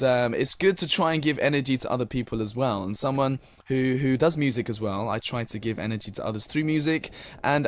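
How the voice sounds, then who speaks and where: A young British man as a radio DJ, reading listener messages in a polite, casual way with many fillers. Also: mid-range voice. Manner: polite, filler-heavy, many thank-yous.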